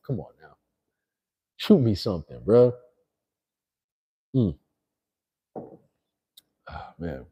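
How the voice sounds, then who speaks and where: A man's voice: low-pitched, dark tone, husky. A man hosting a livestream, talking loosely and slangily to his chat after a few beers. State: a little tipsy. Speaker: livestream host. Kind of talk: casual livestream rant.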